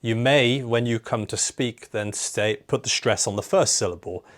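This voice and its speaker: A man's voice: mid-range voice, normal speed. A man hosting an interview in a chatty, casual way, full of "like" and "you know". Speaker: interview host. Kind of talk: conversational interview.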